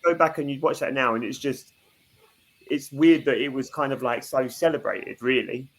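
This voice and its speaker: A man's voice: medium pitch, moderate pace. Thoughtful man reflecting aloud. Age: 30s. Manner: reflective, thinks aloud with many fillers. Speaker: podcast co-host. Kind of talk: casual chat.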